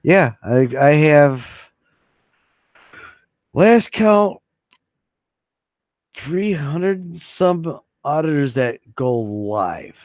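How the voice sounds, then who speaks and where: A man's voice: fairly high pitch, expressive, very slow, pauses often, darkish tone, no room sound. A man hosting a live-stream hangout, chatting casually and rambling, often laughing and swearing. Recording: dry, slightly dull lo-fi sound.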